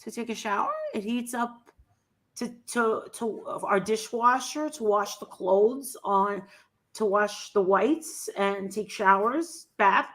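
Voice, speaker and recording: A woman with a New Jersey accent, co-hosting a casual chat, loud and blunt and swearing freely. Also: mid-range voice, slow pace.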